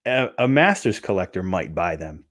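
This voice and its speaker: A man's voice: low-pitched, big pitch swings, normal speed, a bit bright. A man co-hosting a casual podcast chat, laid-back and wry, sighing now and then. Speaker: podcast co-host.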